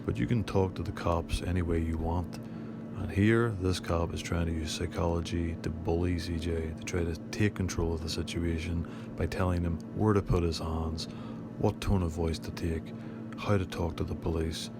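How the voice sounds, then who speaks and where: Low, flat-voiced commentator. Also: male voice, moderate pace. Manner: indignant, scornful of police. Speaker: commentator on a channel. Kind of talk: voice-over commentary on a video. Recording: loud background music under voice-over.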